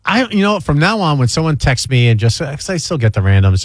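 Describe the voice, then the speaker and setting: A man's voice: mid-range voice, quick pace, no room sound. A man from New York, a radio host in casual chat, telling stories animatedly and acting out what others said. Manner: animated storyteller, acts out quoted voices.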